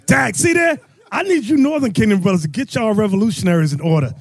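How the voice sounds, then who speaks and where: A man preaching and teaching scripture to a crowd, loud and emphatic, calling out his listeners. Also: sits high, expressive, fast, husky, dry recording. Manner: loud, emphatic, calls out the audience. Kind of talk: street-style scripture teaching.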